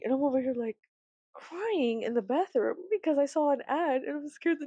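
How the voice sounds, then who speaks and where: A woman's voice: sits high, expressive, brisk, darkish tone, no room sound. A woman vlogger chatting casually, swearing often, breaking into laughter and theatrical outbursts. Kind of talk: casual chat.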